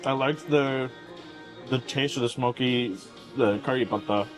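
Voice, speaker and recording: A man's voice: medium pitch, a little slow, over music, poor audio. A man sitting at a restaurant table, chatting casually and showing others how to eat. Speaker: guest diner. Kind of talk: casual chat at a meal.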